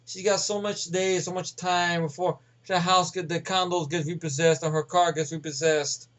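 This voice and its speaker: A man's voice: high voice, flat delivery, moderate pace, a bit bright. A man ranting casually about a movie, rambling and swearing with many fillers. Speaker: movie reviewer.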